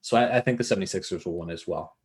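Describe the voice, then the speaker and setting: A man's voice: deep voice, racing. A man co-hosting a casual sports podcast, upbeat and jokey with playful asides. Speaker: podcast co-host.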